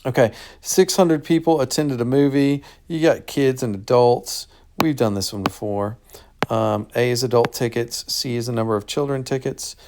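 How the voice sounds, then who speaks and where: Male math teacher with some gravel in his voice, relaxed and upbeat as he explains worked solutions. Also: mid-range voice, moderate pace, noisy background. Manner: casual and upbeat, thinks out loud. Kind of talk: walking through an answer key.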